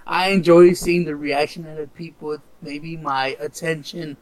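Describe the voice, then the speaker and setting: A man in casual chat, telling stories loosely with profanity and quick impressions of others. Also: on the high side, level tone, no room sound.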